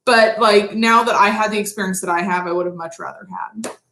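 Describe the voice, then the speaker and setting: A woman's voice: medium pitch, fairly even intonation, brisk, a little hiss or hum. A woman co-hosting a casual live stream who chimes in with details and calls herself shy. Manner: soft-spoken, self-described shy, chimes in with details. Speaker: co-host. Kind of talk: casual chat. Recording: roomy echo.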